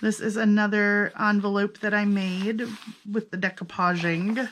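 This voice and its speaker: A woman's voice: mid-range voice, little pitch movement, a little slow, fairly bright tone, slight background noise. A woman casually narrating a flip-through of her handmade journals, chatty and self-amused, thinking aloud as she goes.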